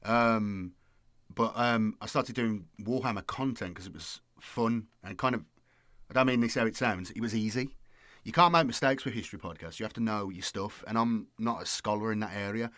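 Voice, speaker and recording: Casual male host, lowish voice, rambles freely, dry close recording. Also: normal speed, fairly bright tone, no room sound. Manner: rambling, lots of fillers. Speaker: YouTube host. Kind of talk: casual late-night chat.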